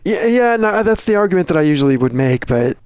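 A man's voice: sits high, very animated, fast talker, a little mellow, clean tone, no echo. A man, a regular on a podcast, chatting in a laid-back and somewhat hesitant way. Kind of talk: casual chat.

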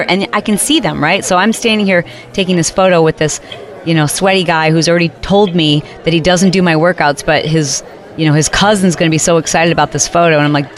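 A woman hosting a talk show, telling a story in a casual monologue and acting out other people's lines in quick put-on voices. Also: on the low side, fairly even intonation. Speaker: podcast host.

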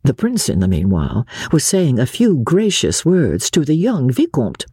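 A woman narrates a classic novel in an expressive, measured way. Her husky voice swings widely in pitch. The recording is close and dry. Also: no echo. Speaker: audiobook narrator.

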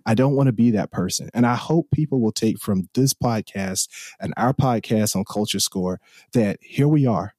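A man's voice: lowish voice, moderate pace, mellow, no echo, studio quality. A man in his forties from the Southern US, a podcast host speaking earnestly and with passion, often repeating himself for emphasis. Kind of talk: heartfelt podcast conversation.

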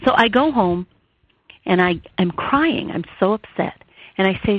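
A woman therapist sharing a deeply personal story with earnest feeling. Her voice sits slightly low and comes through a thin, tinny phone line. The sound is dry and close. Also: normal speed, no room sound. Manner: earnest, heartfelt, rises and falls with emotion. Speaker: author and therapist guest. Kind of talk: emotional personal storytelling interview.

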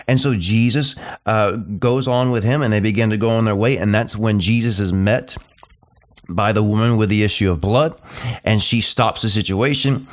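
Middle-aged guy preaching, emphatic and repetitive, mid-pitched voice, slows way down on the big lines. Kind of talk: sermon.

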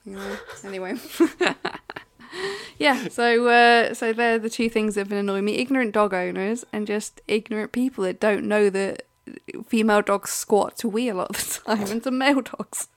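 A woman's voice: medium pitch, normal speed. A woman co-hosting a podcast in casual chat, ranting animatedly, swearing freely and laughing often. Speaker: podcast co-host.

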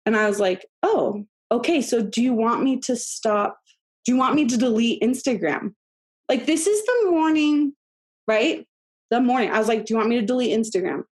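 A woman in her thirties, an interview guest, telling a personal story in a chatty, animated way with many fillers and laughs. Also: fairly high pitch, normal speed, breathy edge. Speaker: podcast guest.

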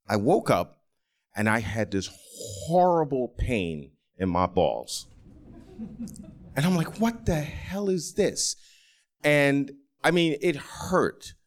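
A man telling a personal story in the first person, acting out the people he quotes. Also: medium pitch. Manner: animated, acts out quoted voices.

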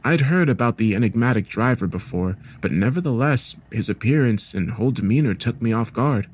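A man reading a first-person horror story aloud in a steady, measured storytelling manner. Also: medium pitch, slight background noise. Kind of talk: scripted horror story narration.

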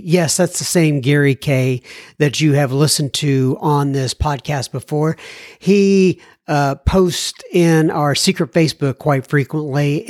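A man's voice: fairly high pitch, darkish tone, no room sound, clean studio sound. A man with a Texan accent hosting a podcast, chatting casually as he reads listener mail, folksy and full of fillers. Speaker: podcast host.

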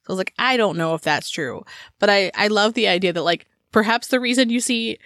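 Woman podcast co-host, playful and giggly, lively swooping pitch, dry close sound. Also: brisk, no echo. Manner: giggly, playful, breaks into silly voices and sound effects. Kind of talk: casual podcast chat.

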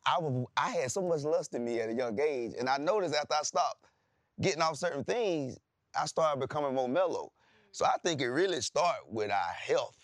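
A man's voice: lowish voice, dry recording, clean studio sound. A man, a comedian guest, talking plainly and preaching straight talk in a casual panel chat.

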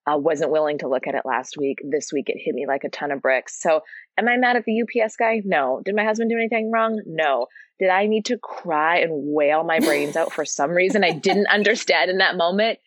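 Earnest low-voiced woman, yoga teacher. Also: dry recording. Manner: earnest, open and expressive, speeds up and slows down for emphasis. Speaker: yoga and breathwork teacher, podcast guest. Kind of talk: casual interview conversation.

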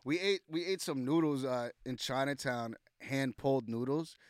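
A young man, a rapper guest on a podcast, telling stories in a loose, animated way, full of fillers and acted-out quotes. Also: mid-range voice, normal speed, smooth, dry recording, clean studio sound. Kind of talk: casual podcast storytelling.

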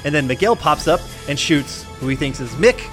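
A man co-hosting a podcast, recapping a film in casual chat, animated, with frequent laughs and rambling asides. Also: a little high, a little fast, over music. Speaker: podcast co-host.

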